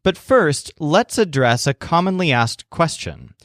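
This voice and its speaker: A male teacher narrates a lesson story with lively, rising and falling pitch. He explains each word clearly and spells things out. The recording is dry and close with no room sound. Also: measured pace, no echo. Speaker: language teacher.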